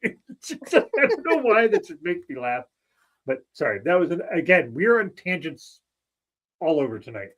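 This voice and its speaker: Male podcast co-host, casual chat, slightly high and very lively pitch, giggly and prone to tangents. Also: normal speed, highs cut off. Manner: animated, laughing, wanders onto tangents.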